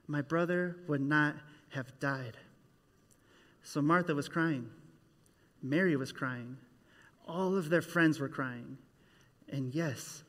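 A man leading a children's church service, telling a Bible story and getting the kids to act along with him. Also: fairly high pitch. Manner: animated, leads kids in call-and-response. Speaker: children's minister. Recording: echoey hall.

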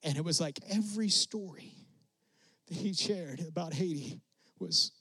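A middle-aged man preaching a testimony, telling his story with animated leaps up in pitch when excited. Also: a little slow, slightly rough, no echo. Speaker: preacher sharing a mission testimony. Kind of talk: sermon storytelling.

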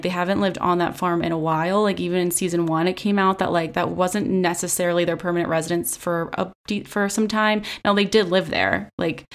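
With a lowish voice and vocal fry, the young woman sarcastically recaps a reality show, swearing freely and using plenty of filler words in casual chat. It's captured on a phone selfie camera.

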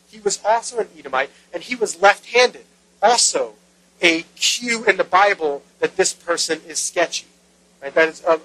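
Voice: mid-range voice, bright, forceful tone, rough recording. A pastor giving a sermon in a conversational way, retelling a story with rhetorical questions.

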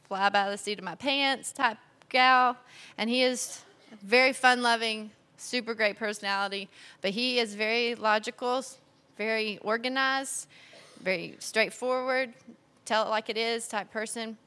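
Woman, 30s, bright and a bit high, chatty storyteller who acts out her own quotes with a raised voice. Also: long reverb tail. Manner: chatty, animated, laughs while telling stories; acts out quotes in a higher, louder voice. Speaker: speaker sharing marriage advice. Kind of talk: personal talk to an audience.

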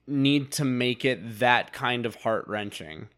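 A man in mid-range pitch chatting as a podcast co-host. He builds his points carefully, sometimes stumbling and restarting as he thinks aloud. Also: animated, a bit bright. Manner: thoughtful, reasoned, slightly halting. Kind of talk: casual podcast recap chat.

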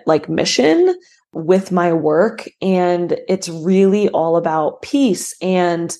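A woman's voice: fairly low pitch, darkish tone. A woman hosting a podcast in a casual, rambling way, emotional and full of "like". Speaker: podcast host.

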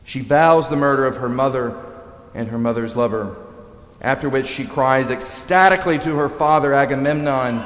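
A man preaching a sermon, telling a story in a lively way and acting out the characters' lines. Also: mid-range voice, moderate pace. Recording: echoey hall.

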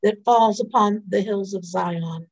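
A woman reading psalms and a scripture lesson aloud in a morning prayer service, in a measured, even way. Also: medium pitch, poor audio. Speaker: scripture reader. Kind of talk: liturgical responsive reading.

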